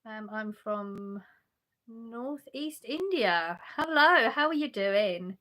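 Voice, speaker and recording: In a high-ish, slightly bright voice, a woman takes it slowly and expressively while livestreaming from her couch at home. She reads out what viewers write and answers, with lots of laughter and restarts.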